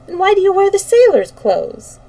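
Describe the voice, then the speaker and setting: A woman's voice: very high-pitched, huge pitch swings, moderate pace, mellow, pitched above the performer's own voice, full character voice. A woman voicing an earnest, spirited little girl who asks insistent questions.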